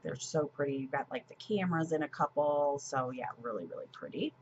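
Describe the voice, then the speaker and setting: Brief: woman, low pitch, chatty planner vlogger with ums and soft laughs, slightly dull recording with a faint hiss. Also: a little fast. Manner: chatty, warm, lots of ums and small laughs. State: a little choked up with emotion. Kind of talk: casual plan-with-me chat.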